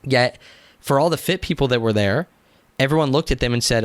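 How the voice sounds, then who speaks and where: Animated, dry-sounding man telling his story. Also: mid-range voice, fairly quick, no echo. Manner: animated, acts out quotes, frequent "like" fillers. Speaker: business coach. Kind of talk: storytelling in a casual interview.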